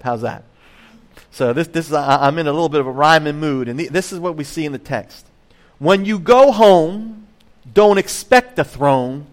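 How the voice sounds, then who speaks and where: A man preaching a sermon in a conversational way, full of rhetorical questions and acted-out voices of the crowd. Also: mid-range voice. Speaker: pastor.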